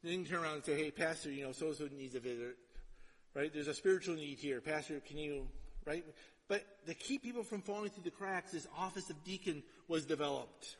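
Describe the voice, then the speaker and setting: A male pastor gives a casual, conversational sermon and keeps asking his congregation "right?" His voice sits high for a man. It rings with the long reverb of a large hall. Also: a little fast.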